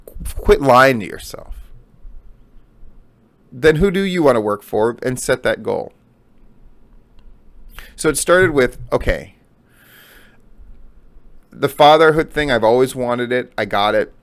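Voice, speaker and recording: Middle-aged man, gravelly voice, blunt, profane, solo commentary rant. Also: medium pitch, animated, slow pace, long pauses. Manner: blunt and profane, heavy swearing; emphatic, repeats points for force. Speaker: wrestling news commentator.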